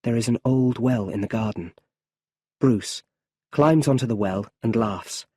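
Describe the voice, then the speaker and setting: Male audiobook narrator for learners; husky, slow, careful delivery. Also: medium pitch, mellow. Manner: slow, careful storybook reading.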